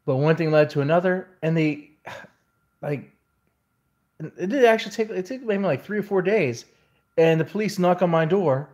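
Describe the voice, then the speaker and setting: A man's voice: a little high, normal speed, pauses often, a little mellow. A man venting in a casual vlog, telling a rambling story in an exasperated way. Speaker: vlogger.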